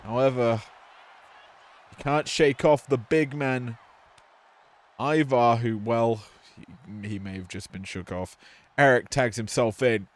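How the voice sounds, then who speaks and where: A man's voice: medium pitch, fairly even intonation, slow, pauses often. A man doing casual play-by-play commentary, full of joking, offhand asides.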